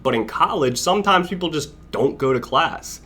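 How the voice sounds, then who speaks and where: A man's voice: fairly high pitch, animated, moderate pace, sharp tone. A young man hosting a casual live stream, rambling and chatty as he greets viewers by name and laughs along. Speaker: livestream host.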